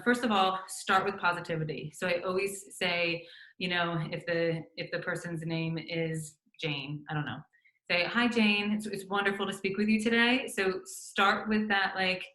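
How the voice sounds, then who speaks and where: A woman's voice: fairly low pitch, pushed and bright, roomy sound, rough recording. A middle-aged woman physician giving casual instructional advice to other doctors, talking conversationally with frequent fillers and restarts and acting out sample phone lines. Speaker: physician coaching doctors on practice building.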